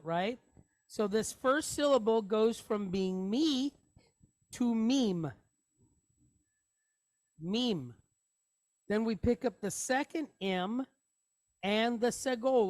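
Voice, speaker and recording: A woman's voice: medium pitch, no echo, clean studio sound. A woman teaching a Hebrew reading lesson, sounding out each word step by step and asking rhetorical questions as she goes.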